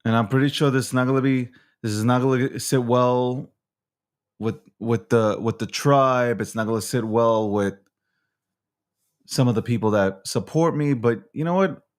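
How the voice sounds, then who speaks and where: A man of medium pitch speaks at a moderate pace while hosting a nightly recap show. Heated and profane, he rants angrily at the camera, repeating himself and swearing often.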